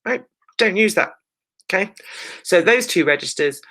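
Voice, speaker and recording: Brisk, bright-voiced woman teacher. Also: lowish voice, expressive, gravelly. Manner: brisk, emphatic, checks in with "right?" and "okay?"; playful, teasing asides to pupils. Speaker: secondary school English teacher. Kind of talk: recorded revision lesson.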